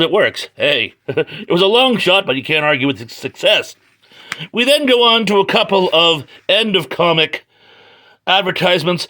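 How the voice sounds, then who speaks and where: Bright-voiced jokey man reviewing comics. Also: sits high. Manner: joking, chatty, wry asides. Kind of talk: casual read-through review. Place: home garage.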